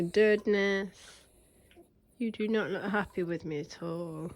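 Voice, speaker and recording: Slow, cooing British woman pet sitter. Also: medium pitch. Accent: British English. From United Kingdom. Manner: cooing baby talk to animals, chuckling. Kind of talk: casual vlog talking to pets.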